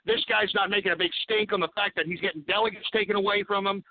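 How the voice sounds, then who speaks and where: A man's voice: high-pitched, steady tone, fast, dry recording. A man hosting a talk radio show, ranting angrily and cursing as he takes calls. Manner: profane, angry ranting. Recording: tinny phone-like sound.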